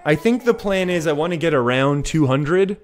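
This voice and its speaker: A man's voice: a little high, lively intonation, moderate pace. A young Canadian man streaming live, chatting through his gameplay, laughing often and answering viewers' messages. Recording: faint music behind.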